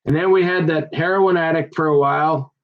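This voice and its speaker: A man telling a long personal grievance in a rambling, halting way, often restarting his sentences and growing heated as he goes. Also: a little high, steady tone, phone-quality sound. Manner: aggrieved, heated. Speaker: son recounting a family conflict.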